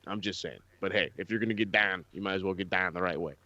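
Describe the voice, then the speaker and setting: A man's voice: sits low, quick pace, pushed and bright, no room sound. A man co-hosting a podcast, ranting in casual, profane chat. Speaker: podcast co-host. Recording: dull lo-fi dry sound.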